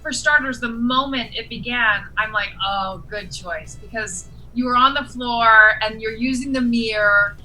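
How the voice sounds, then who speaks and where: A woman's voice: a little high, normal speed, hardly any pauses, bright, forceful tone, soft background music, rough recording. A woman guest giving casual acting feedback, effusive and full of enthusiastic praise.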